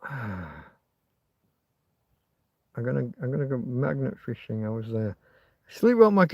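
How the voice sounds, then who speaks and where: A man's voice: medium pitch, vocal fry, no room sound, lo-fi sound. A man hosting a casual livestream from inside a tent, rambling and swearing freely. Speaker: livestream host.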